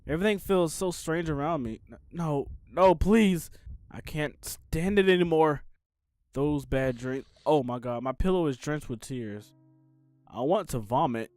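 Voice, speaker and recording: A man's voice: on the high side, animated, unhurried, a little mellow, no room sound. A man reading the inner thoughts of a sad, anxious teenage schoolgirl from a game, in the first person, in his own everyday voice. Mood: distraught. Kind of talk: game text read aloud.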